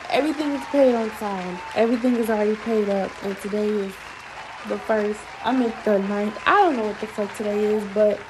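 A young adult woman hosting a podcast, telling a story in a chatty, animated, profane way. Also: mid-range voice, noisy background. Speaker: podcast host. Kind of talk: casual storytelling monologue.

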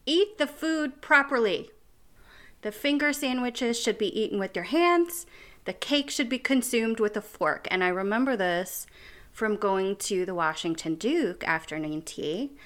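A woman's voice: fairly high pitch, animated, a little slow, a bit bright. An American woman co-hosting a podcast, chatting casually and giggling, with lots of "like" and "um". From United States. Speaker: podcast co-host. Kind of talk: casual chat.

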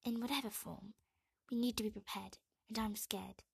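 A woman's voice: medium pitch, steady tone, normal speed, gravelly, breathy edge, no room sound, studio quality. A woman reading the part of a clever, earnest grown woman, speaking in an intense half-whisper. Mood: determined.

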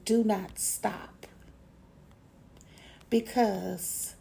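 A middle-aged woman hosting a motivational podcast, encouraging listeners and slowly repeating affirmations. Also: medium pitch, fairly even intonation, creaky, mellow. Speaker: podcast host.

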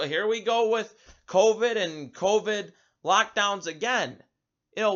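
Animated male talk show host. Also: sits high, muffled recording. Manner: animated, emphatic, repeats words when starting sentences. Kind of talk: opinion talk monologue.

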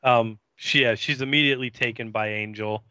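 A man's voice: mid-range voice, fairly even intonation, a little fast, pushed and bright, clean tone, no echo, highs cut off. A young man hosting a podcast, casually recapping a TV episode and acting out the characters' lines. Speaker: podcast host.

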